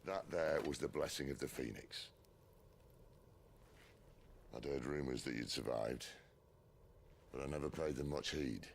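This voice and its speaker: Wry rugged rogue, very deep voice, gravelly, dry teasing drawl, game cutscene. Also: male voice, measured pace, pauses often, slight background noise, exaggerated voice. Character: gruff, wry rugged man, a seasoned rogue. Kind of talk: video game cutscene dialogue.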